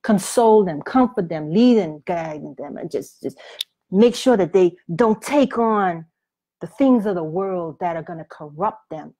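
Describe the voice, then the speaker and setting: A woman voicing Jesus as a gentle adult man, speaking in an earnest, pleading way. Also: on the low side, expressive, unhurried. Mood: instructing.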